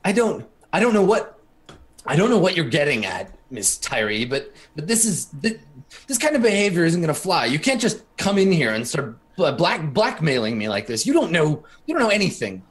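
A man's voice: on the high side, sing-song, moderate pace. A man voicing a flustered male college professor who stammers and sputters defensively in a tabletop game.

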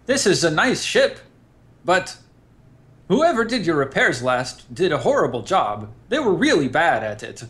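A man's voice: a little high, big pitch swings, measured pace, fairly bright tone, voice pushed up. A man voicing a blunt, cheerful male ship mechanic in a tabletop game. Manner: tactless, cheerful.

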